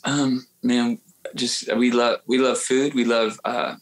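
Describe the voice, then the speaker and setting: A man's voice: mid-range voice, steady tone, takes it slowly, rough recording. A man who is a guest singer-songwriter, telling stories in casual podcast chat with lots of restarts and fillers. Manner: rambling, hesitant storyteller with many restarts. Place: home area near the coast.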